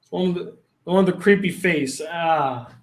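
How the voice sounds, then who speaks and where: In an echoey room, a man with a somewhat high voice and a moderate pace hosts a casual live chat. Answering viewer questions, he rambles, cusses freely, and often stops himself partway through.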